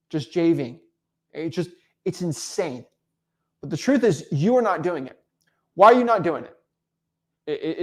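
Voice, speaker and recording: A man hosting a coaching livestream, talking bluntly and teasingly, often stumbling and repeating words. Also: on the high side. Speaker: real estate wholesaling coach hosting a livestream. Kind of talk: unscripted livestream coaching talk.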